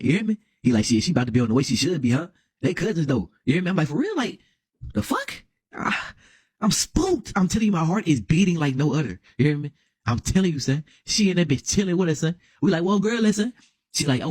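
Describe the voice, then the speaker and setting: A young man telling a wild comedic story, dramatic and excitable, full of slang and constantly asking "you hear me?". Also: high-pitched, husky, no echo, clean studio sound. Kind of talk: animated comedic story time.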